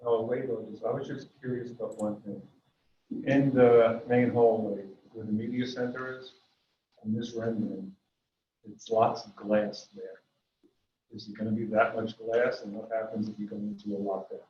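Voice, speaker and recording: A man's voice: fairly low pitch, flat delivery, moderate pace, a little hiss or hum. A man on a town committee asking plainspoken questions about a school design. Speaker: committee member. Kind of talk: meeting questions. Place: meeting room. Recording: roomy, distant, dull public-access audio.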